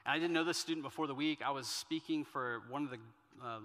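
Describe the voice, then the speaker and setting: A man preaches in a church, his voice bright and forward. He tells stories casually and pokes fun at himself. The sound rings out with a long hall reverb. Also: fairly high pitch, quick pace. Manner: conversational storytelling with self-deprecating humor. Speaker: pastor. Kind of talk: sermon. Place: church auditorium.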